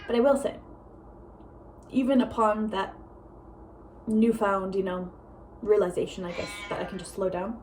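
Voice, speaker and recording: A young woman vlogging casually at home, a self-described fast talker who rambles with many fillers. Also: medium pitch, fairly even intonation, a little mellow, slight background noise, low-quality recording. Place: home with a meowing cat.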